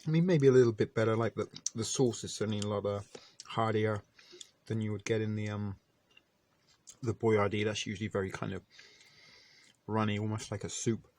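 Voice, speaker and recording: A man's voice: fairly low pitch, fairly even intonation, a little fast, a little mellow. A man casually reviewing food on camera, chatty and self-deprecating, sometimes talking with his mouth full. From Canada. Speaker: vlogger reviewing military rations.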